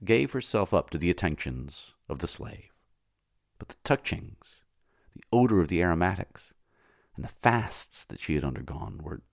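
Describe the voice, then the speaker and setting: A man narrating a literary novel as an audiobook, reading slowly and in a measured way that often drops to a hush. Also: sits low, vocal fry, dry recording, studio quality. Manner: slow, measured, often hushed.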